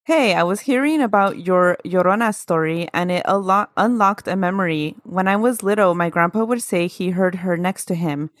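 This woman co-hosts a laid-back spooky podcast, chatting and telling stories in a lowish voice at a moderate pace with hardly any pauses. She's animated, laughs often, and performs the voices she quotes; the sound has no echo.

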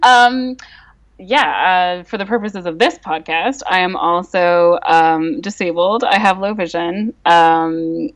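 A woman's voice: on the low side, takes it slowly. Chatty Northern Irish woman in her thirties. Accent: Northern Irish, mixed with English and Canadian. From Northern Ireland. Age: 30s. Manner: chatty, laughs often, many fillers. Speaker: podcast guest. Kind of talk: casual podcast chat.

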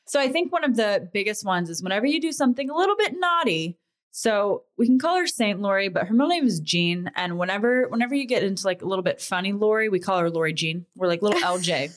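Animated woman guest telling family stories. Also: mid-range voice, fast. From Texas. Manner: animated storyteller, mimics voices, laughs often. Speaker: podcast guest. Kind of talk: casual chat.

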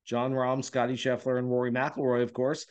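A man's voice: mid-range voice, completely flat delivery, moderate pace, darkish tone, smooth. A man hosting a golf betting podcast, talking through his picks in an easygoing, conversational way with frequent "uh" fillers. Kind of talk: casual podcast talk giving betting picks.

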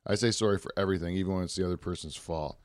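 Man, lowish voice, loose profane storyteller, close dry mic, laughs through his own bits. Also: fairly even intonation, racing, no room sound. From Canada. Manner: rambling, profane, laughs often. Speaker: podcast co-host. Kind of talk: casual chat.

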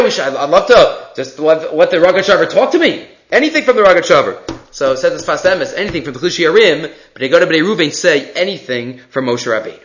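A man teaching a Torah class in a high, lively voice that swoops up and down as he tells stories with sing-song emphasis. The recording sounds dull and lo-fi.

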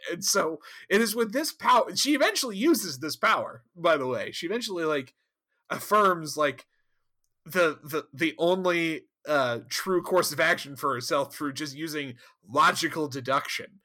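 A man chats on a podcast, talking animatedly and swearing freely. His voice sits fairly high and sounds bright and forceful. He laughs often as he recaps. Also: expressive, normal speed. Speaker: podcast co-host. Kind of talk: casual chat.

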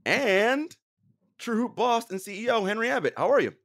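A man hosting a sports podcast, speaking earnestly and often dropping into a somber hush. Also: high voice, animated, normal speed. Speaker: podcast host. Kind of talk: casual podcast talk.

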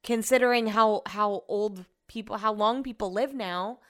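A young woman talks alone into a podcast mic from her home office, rambling and saying "like" a lot. Her voice is smooth and clear, at a middle pitch. She sounds shaken and subdued. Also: normal speed, a bit bright. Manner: chatty, rambling, says "like" often. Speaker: podcast host. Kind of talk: casual solo podcast chat.

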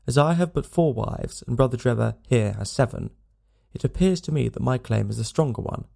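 A man playing a pious, boastful young suitor in a storybook reading, with a gravelly voice. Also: mid-range voice, animated, fairly quick, dark tone. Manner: sanctimonious, self-assured.

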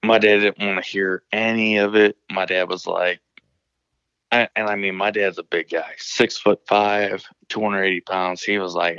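A man's voice: on the low side, level tone, moderate pace, bright, forceful tone, smooth, no echo, muffled recording. A man from Illinois, calling in to a show, telling a story casually, rambling and swearing with many restarts. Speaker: caller telling stories.

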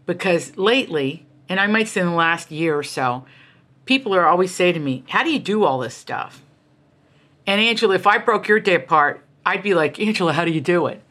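Forceful, emphatic middle-aged woman storyteller. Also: fairly low pitch. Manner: emphatic and animated, with quick asides. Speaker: author and podcast guest. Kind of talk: candid conversational storytelling.

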